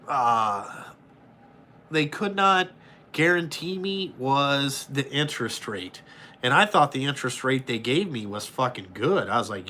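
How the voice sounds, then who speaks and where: A bright, forceful male voice, talking a little higher than most men. He chats with viewers as a trucker, blunt and full of swearing. He acts out his phone calls. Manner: profane, blunt and animated. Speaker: truck driver vlogger. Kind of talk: casual chat answering viewers.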